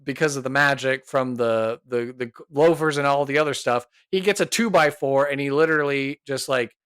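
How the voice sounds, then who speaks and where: A man's voice: mid-range voice, a little fast, fairly bright tone, clean tone, dry recording. A man hosting a tabletop role-play podcast, narrating his character in a loose, rambling way. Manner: rambling, many fillers, chuckles. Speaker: podcast host and player.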